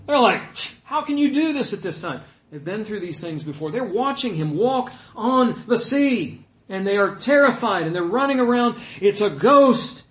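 Animated high-voiced male preacher, echoey room. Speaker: pastor. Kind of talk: sermon.

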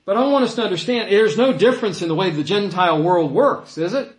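A man preaching a sermon in an animated way, acting out the voices he quotes. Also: high voice, fast talker. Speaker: pastor. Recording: echoey room.

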